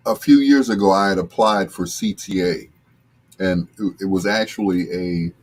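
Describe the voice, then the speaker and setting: An older man hosting a casual live stream with a deep, husky voice, chatting in a relaxed, joking way as he reads out viewer comments. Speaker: host reading viewer comments.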